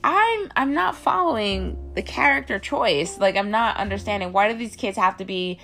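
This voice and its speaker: A woman's voice: animated, moderate pace, a bit bright. A woman casually reviewing a film, incredulous and rambling, filling her talk with "like" and squealing the characters' lines. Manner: incredulous, rambling, heavy use of "like"; acts out characters' lines in squealing high voices. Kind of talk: casual movie review rant.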